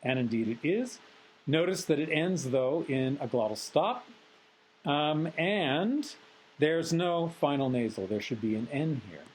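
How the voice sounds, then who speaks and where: A man giving a recorded phonetics lecture in a measured, analytical way, pausing often on filler sounds. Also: fairly high pitch, animated, a little hiss or hum, rough recording.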